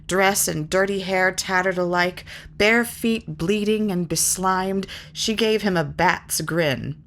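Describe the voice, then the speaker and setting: A woman reading a fantasy novel aloud in measured, lyrical narration. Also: lowish voice, a bit bright. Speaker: reader. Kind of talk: audiobook narration.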